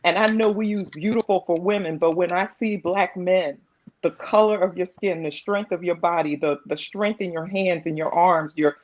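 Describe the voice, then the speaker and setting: A woman's voice: on the low side, fairly even intonation, moderate pace, a little mellow, highs cut off. A woman on a video call giving a heartfelt spoken tribute, impassioned and building emphasis by repeating phrases. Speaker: guest speaker.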